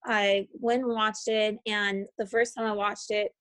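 A woman's voice: mid-range voice, level tone, a little slow, fairly bright tone, no echo. A woman hosting a casual podcast about horror movies, rambling with lots of fillers and casual swearing. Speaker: podcast host.

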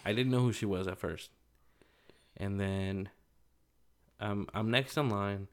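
A man's voice: on the low side, steady tone, slow, smooth. A young man casually telling a personal story, loose and rambling, full of fillers.

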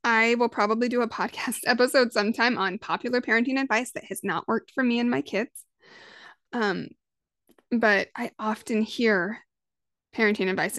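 A woman's voice: a little high, dry recording. Chatty woman podcast host, dry close sound. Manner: conversational, lively, acts out quoted voices. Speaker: parenting coach and podcast host. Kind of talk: solo podcast monologue.

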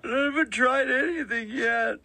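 Man, radio prank caller, bright, raspy, pleading, panicky. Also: extremely high pitch, moderate pace. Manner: frantic, pleading, nervous laughter. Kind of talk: prank phone call, playing a panicked man trapped in an elevator.

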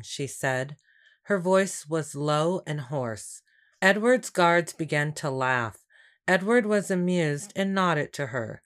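A woman narrating a historical tale as scripted storybook narration, measured and even. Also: fairly low pitch.

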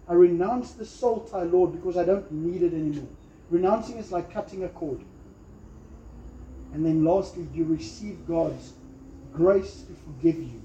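Pastor preaching in echoey room. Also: male voice, fairly high pitch, normal speed, warm tone, slight background noise. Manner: emphatic preaching with acted-out quotes. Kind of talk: sermon. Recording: echoey room, slightly dull sound.

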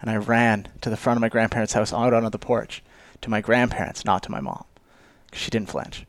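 Co-host, male, lowish voice, lively storyteller with some swearing, dry close mic. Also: a little fast, dry recording. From Canada. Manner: animated storyteller, profane. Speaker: podcast co-host. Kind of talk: casual podcast storytelling.

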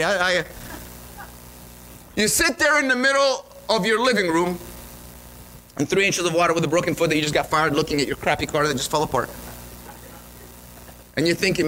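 A man's voice: sits high, moderate pace, pauses often, a little hiss or hum, low-quality recording. A male pastor preaching a sermon, telling a story with lots of energy and frequent restarts. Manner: animated storytelling with repeated restarts. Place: church sanctuary.

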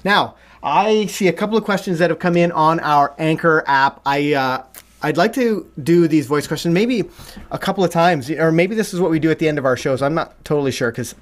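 A man's voice: a little high, a little fast. A man hosting a live podcast in a loose, enthusiastic way with many fillers. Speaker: podcast host and dog trainer.

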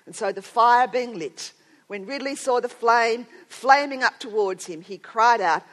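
A woman's voice: fairly high pitch, a little slow, fairly bright tone. A middle-aged woman giving a sermon to women, telling a story earnestly and building to strong emphasis. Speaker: speaker at a women's gathering.

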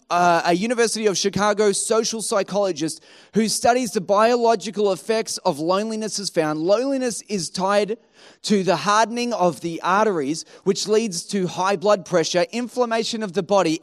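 A man preaching a sermon in a lively, animated way, acting out everyday voices as he tells stories. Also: high-pitched. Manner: animated, acts out quoted voices. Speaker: pastor.

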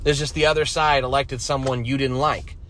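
A man's voice: mid-range voice, level tone, fairly quick, a bit bright, slight background noise. A young man hosting a solo podcast, talking casually with crude jokes, lots of swearing and rambling asides. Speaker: podcast host.

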